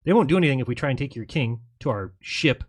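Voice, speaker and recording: A man's voice: mid-range voice, lively intonation, quick pace. A man hosting a livestream, giving sarcastic, mocking commentary over a video clip and reading comments aloud. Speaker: livestream host.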